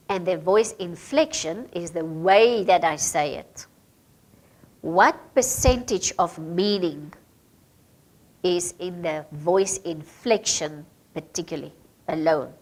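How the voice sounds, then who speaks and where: Slow-talking Namibian woman training a group. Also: lowish voice. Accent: Namibian English. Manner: questions the group, hesitant fillers. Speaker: radio training facilitator. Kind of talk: workshop talk to trainees.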